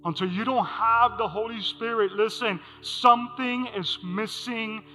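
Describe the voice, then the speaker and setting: A man's voice: high voice, a little slow, sharp tone. A man preaching a sermon as pastor to a congregation, asking them questions and repeating his key lines. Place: church hall. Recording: music under a hall reverb.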